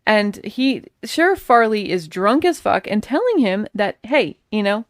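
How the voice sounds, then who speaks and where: A woman's voice: mid-range voice, very animated, a little slow, no room sound, studio quality. A woman co-hosting a podcast, casually and bluntly reacting to a film with incredulous, profane remarks. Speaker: podcast co-host. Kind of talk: casual movie-review chat.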